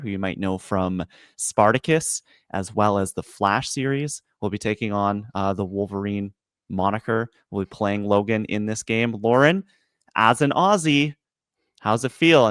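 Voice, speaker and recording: A man's voice: fairly low pitch, fairly bright tone, clear, resonant tone, no room sound, studio quality. A man hosting a gaming podcast, steering the chat and putting questions to his co-hosts. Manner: leads the talk, asks co-hosts questions. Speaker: podcast host. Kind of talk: casual chat.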